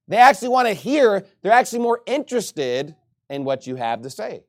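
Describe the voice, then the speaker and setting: A man from Texas preaching a sermon in a lively, joking and emphatic way. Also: high-pitched, fairly quick.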